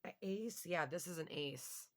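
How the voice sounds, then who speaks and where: A woman's voice: low-pitched, a little slow, a bit bright. A woman giving a casual tarot reading to her viewers, chatty and thinking aloud with lots of fillers. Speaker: tarot reader.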